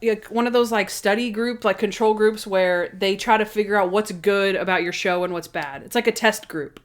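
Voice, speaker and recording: Woman co-host, casual and chatty, rambles with quick asides, mid-range voice. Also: mid-range voice. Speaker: podcast co-host. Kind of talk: casual chat.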